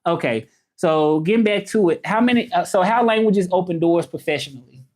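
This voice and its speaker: A man's voice: high voice, a little fast. A man with a Southern US accent hosts a casual livestream. His talk is loose and rambling. He answers viewers' comments as they come in. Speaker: livestream host and interpreter.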